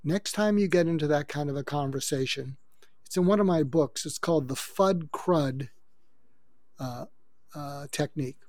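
A man's voice: a little high, moderate pace, a little mellow, no room sound, studio quality. An older man, a guest expert, explaining how to handle conflict in a coaching, advice-giving way. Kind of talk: advice-giving interview talk.

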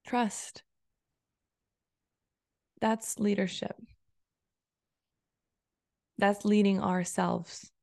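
In studio quality with no room sound, a woman coach hosts her own podcast, talking casually alone in a medium-pitched, steady, darkish, creaky voice. She speaks very slowly and pauses often, rambling and repeating phrases as she quotes her self-talk.

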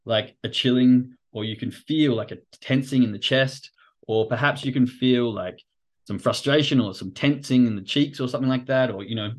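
Male livestream host and trading coach, casual and animated, swears freely, acts out reactions. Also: medium pitch, normal speed. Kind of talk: livestream explainer talk.

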